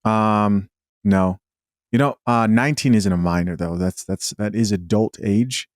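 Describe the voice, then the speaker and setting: Man, host, very deep voice, dry close recording, musing reaction commentary, halting. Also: no echo. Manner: musing, halting, thinks aloud.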